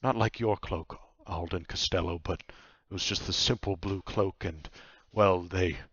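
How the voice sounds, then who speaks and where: A man's voice: low-pitched, steady tone, a little slow, a bit bright, husky, no room sound, muffled recording, exaggerated voice. A man voicing a stammering, apologetic male nightmare spirit in a cloak, hesitant and tripping over his words.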